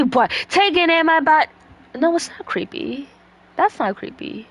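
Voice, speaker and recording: A woman's voice: sits high, lively intonation, a little slow, fairly bright tone. A woman chatting casually on a stream, rambling with lots of fillers and swearing freely.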